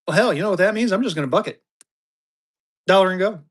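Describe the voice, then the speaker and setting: A man in his fifties running a live-stream auction, talking fast and joking through his patter. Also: sits high. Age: 50s. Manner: energetic, joking, drawling "y'all" asides.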